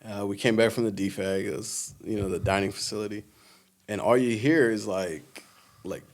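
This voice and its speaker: A man's voice: fairly low pitch, steady tone, normal speed. Laid-back young man telling stories. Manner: laid-back, laughs often, swears freely. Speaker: podcast guest, army veteran. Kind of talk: casual storytelling.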